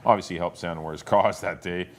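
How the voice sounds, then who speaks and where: A man giving his horse racing picks in a relaxed, halting way, with plenty of filler words. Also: sits low. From Canada. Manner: relaxed, hesitant with many uhs. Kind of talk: casual racing picks chat.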